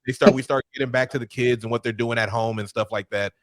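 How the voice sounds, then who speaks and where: A man's voice: medium pitch, fast, no room sound, clean studio sound. A man hosting a casual movie recap chat, acting out the characters' lines. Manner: animated, acts out characters' lines in put-on voices. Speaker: podcast host.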